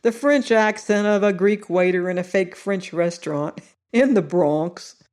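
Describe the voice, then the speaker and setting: A woman's voice: lowish voice, measured pace, darkish tone, natural voice. A woman doing a brash wisecracking TV man. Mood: mocking.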